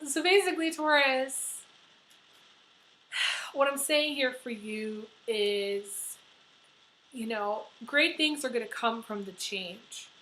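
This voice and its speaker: A middle-aged woman giving a casual tarot reading, blunt and chatty, swearing freely and filling pauses with "you know". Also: fairly high pitch, animated, bright, forceful tone, slight background noise, poor audio. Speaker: tarot reader.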